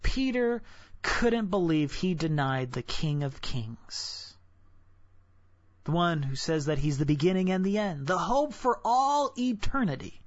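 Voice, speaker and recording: A preacher giving a devotional sermon in a casual, talky way who sinks into hushed whispers at solemn points. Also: medium pitch, very animated, a little slow, no echo. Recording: dull, dry lo-fi recording.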